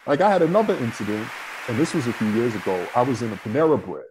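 A young adult man telling a story on a discussion panel, profane, animated and emphatic. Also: medium pitch, quick pace, background noise.

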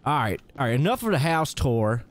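A man's voice: mid-range voice, big pitch swings, brisk. A man streaming a role-play game, chatting casually in character with friends, teasing and laughing often.

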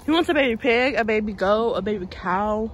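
A woman's voice: fairly high pitch, fairly quick. A young woman vlogging on a farm, playful and laughing, cooing at the animals, filmed on a handheld camera. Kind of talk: casual vlog narration. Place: outdoors on a farm. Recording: noisy outdoor farm recording.

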